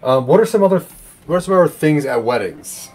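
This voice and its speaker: A man in casual brainstorming chat, easygoing and joking, chiming in with quick additions. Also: a little high, expressive, a little mellow, slightly rough.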